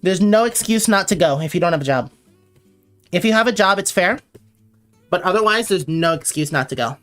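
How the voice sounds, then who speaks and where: A woman's voice: fairly low pitch, animated, fairly quick, fairly bright tone, soft background music. A young woman from Connecticut chatting casually on a late-night drawing livestream, rambling and answering viewers as she reads their messages aloud. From Connecticut, USA.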